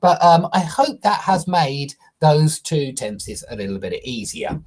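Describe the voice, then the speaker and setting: A woman's voice: sits low, big pitch swings, unhurried, a little mellow. A woman teaching a live online English grammar lesson, reading example sentences aloud and then explaining them.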